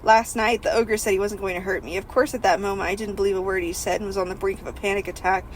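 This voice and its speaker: A woman's voice: medium pitch, steady tone, fast talker, a little hiss or hum, rough recording. A woman hosting a comedy podcast, reading a novel aloud in first person and breaking off with jokes. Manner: reads in first person, breaks into laughter and asides.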